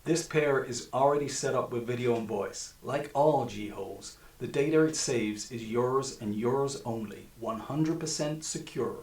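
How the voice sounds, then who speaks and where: A man voicing a stern, deadpan male government agent, heard from a distant mic. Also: medium pitch, measured pace, few pauses, close to an everyday voice. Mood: officious. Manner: flat, officious delivery.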